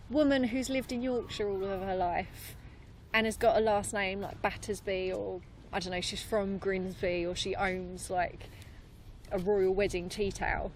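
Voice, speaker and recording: A woman improviser chatting casually as a podcast guest, lively and quick to laugh, with many fillers. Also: mid-range voice, a little hiss or hum. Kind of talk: casual interview chat. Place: London.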